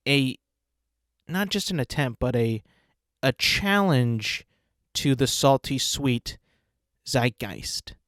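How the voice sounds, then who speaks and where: A man's voice: medium pitch, a bit bright, no room sound, studio quality. A man hosting a casual solo podcast, rambling playfully and savoring talk of food. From United States. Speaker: podcast host.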